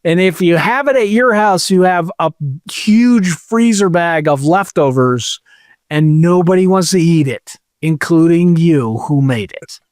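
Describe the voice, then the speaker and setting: A man's voice: on the high side, expressive, measured pace, darkish tone, no room sound, clean studio sound. A man co-hosting a podcast in casual chat, rambling and jokey. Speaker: podcast co-host.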